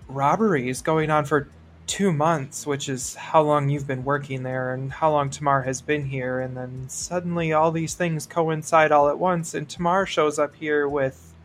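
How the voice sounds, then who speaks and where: A man's voice: fairly high pitch, a bit bright. A man playing a tabletop game, questioning in a pointed way and joking between turns. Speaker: player.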